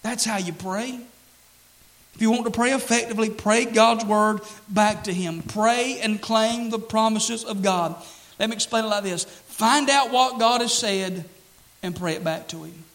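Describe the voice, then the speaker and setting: A man's voice: high voice, measured pace, a bit bright, poor audio. A man preaching a sermon as pastor, earnest and repetitive, quoting scripture and stressing key phrases.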